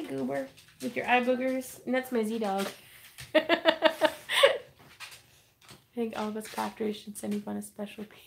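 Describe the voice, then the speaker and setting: A young woman with a drawl chats to her livestream viewers from home, giggling often. Her voice sits a little high and has a gravelly fry. A faint hiss runs under the recording. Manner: giggly, chatty, frequent laughter and fillers. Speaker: craft livestream host. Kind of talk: casual livestream chat reading viewer comments. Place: home craft room.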